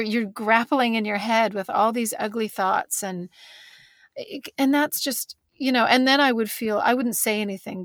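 A woman's voice: mid-range voice, fairly bright tone, dry recording. A woman talking candidly and thoughtfully in a conversation, restarting words as she thinks, close to tears. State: teary. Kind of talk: reflective conversation.

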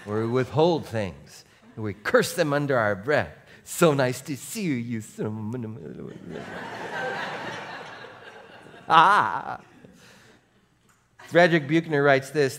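A man preaching a sermon as pastor, animated, going from soft asides to shouts and acting out what people say. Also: mid-range voice, measured pace. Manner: animated, swings between soft and shouting, acts out quotes.

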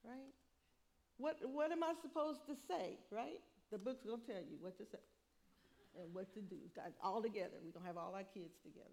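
A middle-aged woman preaching a sermon, lively, laughing often and acting out what people say. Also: medium pitch, brisk, a little hiss or hum.

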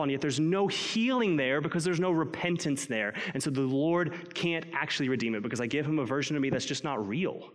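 A man's voice: medium pitch, fairly quick, few pauses, in a large hall. A man preaching a sermon in a conversational way, acting out inner voices and prayers as he speaks. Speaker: pastor.

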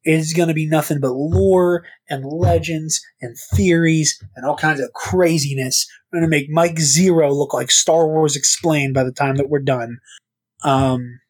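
A man's voice: fairly high pitch, steady tone, a little slow, slightly rough. A man hosting a podcast in casual chat, rambling and stammering, swearing now and then. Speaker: podcast host.

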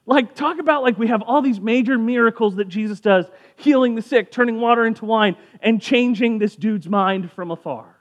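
High-voiced man preaching in a casual way. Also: dull audio. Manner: conversational, jokey, acts out quick voices for people in the story. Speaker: pastor. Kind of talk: casual sermon.

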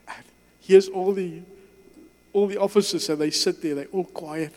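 A man, telling a personal story to an audience in earnest, halting short phrases. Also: high-pitched, fairly even intonation, a little mellow. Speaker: guest speaker. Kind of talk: personal testimony talk. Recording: long reverb in a hall.

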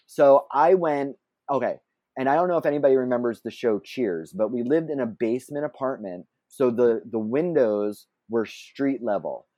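A man's voice: mid-range voice, moderate pace, mellow, no room sound. A man telling a long personal story as an interview guest, chatty and self-deprecating, laughing often and breaking off into asides. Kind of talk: casual anecdotal storytelling.

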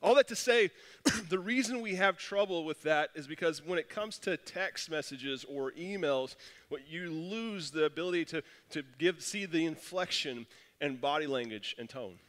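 A man's voice: a little high, lively intonation, moderate pace, a bit bright, long reverb tail. A man preaching a casual, conversational sermon as pastor, self-deprecating and telling stories with frequent restarts.

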